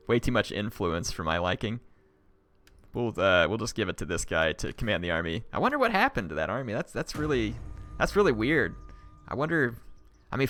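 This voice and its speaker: A man live-streaming a strategy game, excitably yelling orders at his units and chatting with viewers. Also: mid-range voice, a little hiss or hum.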